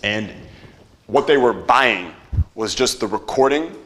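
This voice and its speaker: A man's voice: medium pitch, lively intonation, a little slow, fairly bright tone. A man teaching a live seminar audience, casual and profane, quizzing the crowd and having them repeat after him. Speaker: marketing seminar presenter.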